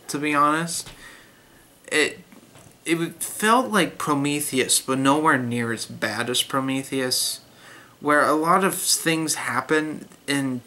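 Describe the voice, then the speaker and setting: A young man with a mid-range, pushed and bright voice gives a blunt, critical book review out loud. He's casual about it, with lots of fillers and restarts.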